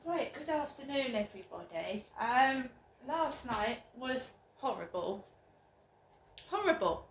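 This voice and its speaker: An older woman, talking frankly to camera in a rambling vlog with many pauses. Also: a little high, lively intonation. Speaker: vlogger. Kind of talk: casual talk to camera. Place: her home, indoors. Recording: echoey room, faint background noise.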